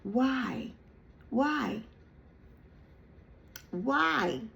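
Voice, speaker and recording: A woman's voice: fairly high pitch, animated, extremely slow, gravelly, a bit bright. Emphatic woman in her sixties. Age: 60s. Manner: emphatic, repeats phrases, mocks others in playful put-on voices. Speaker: YouTube creator. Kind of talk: reflective monologue to camera.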